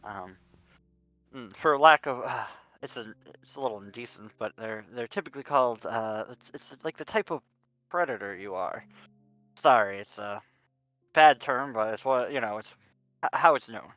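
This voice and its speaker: A man's voice: mid-range voice, animated, moderate pace, fairly bright tone, dry recording, lo-fi sound, soft background music. A man running a tabletop roleplaying game, often laughing and searching for words with many fillers. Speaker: storyteller.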